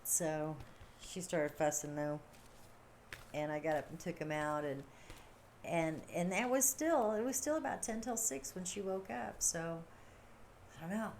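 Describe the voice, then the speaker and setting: With a lowish, darkish voice, a middle-aged livestream host talks a little slowly and leaves long pauses. She rambles chattily and laughs frequently, and there's a slight hiss or hum in the audio.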